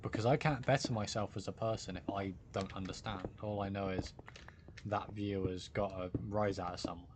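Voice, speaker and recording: A man's voice: fairly low pitch, fairly even intonation, moderate pace, background noise. A British man chatting casually with viewers during a live game stream, rambling and reassuring as he greets people by name. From United Kingdom. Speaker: livestreamer. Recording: music playing behind the voice.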